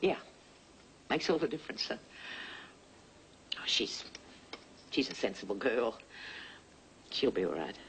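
A woman's voice: a bass voice, sing-song, measured pace, gravelly, long pauses, a little hiss or hum, exaggerated voice. An actress playing a dry, motherly woman in the style of 1980s TV soap acting. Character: motherly, sensible older woman.

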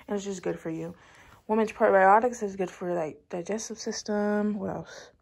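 A woman's voice: mid-range voice, creaky. Chatty bubbly woman in her twenties. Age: 20s. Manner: bubbly, chatty, says "literally" and "like" a lot. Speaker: vlogger. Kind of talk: casual chat. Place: home.

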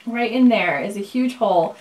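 A woman reviewing leather bags, talking casually and telling an animated story with plenty of quoted back-and-forth. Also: mid-range voice, normal speed, a little hiss or hum.

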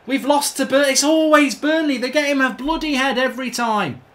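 A man's voice: very high voice, a little fast, fairly bright tone. A middle-aged man commentating his football video game as a host, exasperated and swearing as he groans at his team. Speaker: gaming channel host. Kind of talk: live gameplay commentary.

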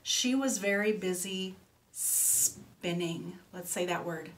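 A woman teaching speech to children, reading a picture book aloud slowly and clearly and pausing so they can repeat words. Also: expressive, slight background noise. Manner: animal sounds with big jumps in pitch.

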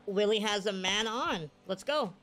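A woman's voice: medium pitch, measured pace, over music. A woman giving live video game commentary, cheering and groaning at every play. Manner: excitable, cheers and groans at plays. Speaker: gaming streamer.

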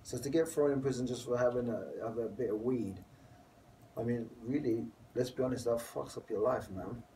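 A man's voice: medium pitch, normal speed, mellow, distant mic, a little hiss or hum, rough recording. Londoner man chatting as a guest. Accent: London English. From England. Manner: earnest, laughs easily. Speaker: guest actor. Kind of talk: casual interview chat.

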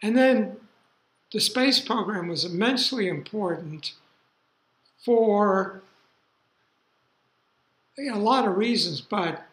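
An older man giving a university lecture, rambling through relaxed asides with fillers. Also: high voice, slow pace, pauses often. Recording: roomy lecture hall.

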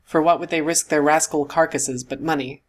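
A man doing a blustering, booming squire. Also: steady tone, normal speed, close to an everyday voice. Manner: booming, exclamatory. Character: blustering hot-headed middle-aged country squire.

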